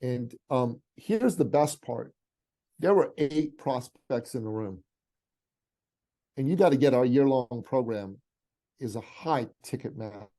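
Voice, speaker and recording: A middle-aged man from Iran, a podcast guest and business coach, telling a story in an animated, heartfelt way with casual asides. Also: medium pitch, a little slow, pauses often.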